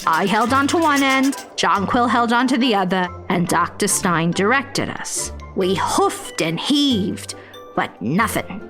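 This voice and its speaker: Slow, expressive woman telling a children's story. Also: medium pitch, faint music behind. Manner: slow, expressive and playful, with whispered suspense. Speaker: storyteller playing the fairy narrator. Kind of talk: scripted children's story narration.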